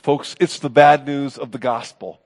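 A man preaching a sermon as a pastor, earnest and emphatic, his phrases often rising and then trailing off softly. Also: mid-range voice, fairly even intonation, moderate pace, gravelly, big-room sound.

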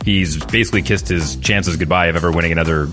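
A man's voice: low voice, fairly even intonation, fast talker, music in the background. A man hosting a morning radio show, giving a joking, teasing sports update.

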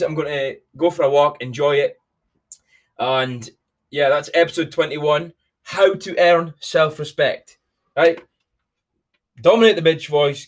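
A young man hosting a motivational podcast, talking bluntly and energetically with plenty of swearing. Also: a little high. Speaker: podcast host.

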